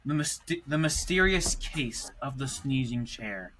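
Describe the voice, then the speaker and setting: A man's voice: mid-range voice, lively intonation, a little slow, fairly bright tone, slight background noise, poor audio. A young man co-hosting a podcast, reading a silly story aloud in a playful way, stumbling over and restarting words. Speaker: podcast co-host.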